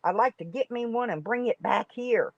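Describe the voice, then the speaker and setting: Speaking at normal speed in a fairly high, gravelly voice, an American woman runs a live stream where she rambles casually and reads viewers' comments. The stream audio is dry, dull, and lo-fi.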